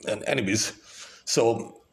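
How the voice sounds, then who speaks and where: Deep-voiced man rambling on a vlog. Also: slow, gravelly, slight background noise. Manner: grandiose, rambling, repeats and restarts often.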